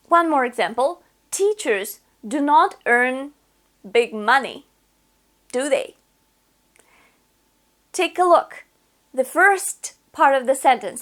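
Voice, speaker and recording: Woman teacher, high voice, online lesson, patient step-by-step explainer. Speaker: language teacher.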